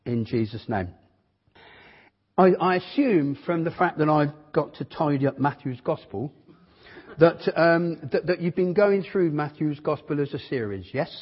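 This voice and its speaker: A man's voice: fairly high pitch, normal speed. A man, a visiting preacher telling jokes and then preaching a sermon. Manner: humorous storytelling, then earnest preaching. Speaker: guest preacher. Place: church. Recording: dull lo-fi recording in a reverberant church hall.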